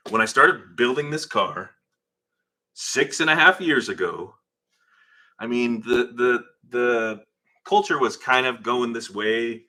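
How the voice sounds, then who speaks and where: A man with a medium-pitched voice talks slowly while hosting a live car-build stream in his home garage. He rambles animatedly in a casual way and reads viewers' chat names out loud.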